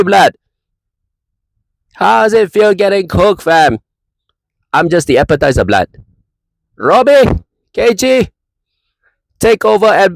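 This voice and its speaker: A man doing an impression of a loud, mocking male rival football fan in a put-on Jamaican accent. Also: creaky, dry recording, exaggerated voice, low-quality recording. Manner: mocking, repeating taunts with a high squeal.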